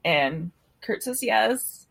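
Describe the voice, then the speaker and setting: A woman co-hosting a podcast, recapping an episode in casual chat, animated and laughing often. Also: medium pitch, drawn-out words, creaky. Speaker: podcast co-host.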